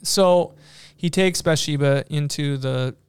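A man in casual talk, retelling Bible stories in an animated way with playful asides and many fillers. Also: a little high, takes it slowly, clean tone, dry recording, clean studio sound.

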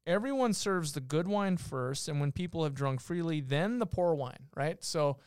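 Podcast co-host, man, smooth, slightly raised pitch, casual Bible explainer, dry close sound. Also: lively intonation, normal speed, no room sound. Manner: explains patiently, reads verses aloud, many restarts. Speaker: podcast co-host teaching scripture.

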